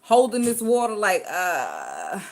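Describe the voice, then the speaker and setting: Animated woman telling a story. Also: on the high side, fairly quick. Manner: animated, dramatic, acts out voices in her story. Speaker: storyteller vlogger. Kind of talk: casual storytelling.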